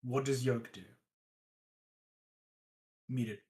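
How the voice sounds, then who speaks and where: A game master running a one-on-one tabletop game, talking hesitantly with many pauses and fillers. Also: mid-range voice, fairly even intonation, darkish tone, low-quality recording. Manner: hesitant, many ums, counts aloud.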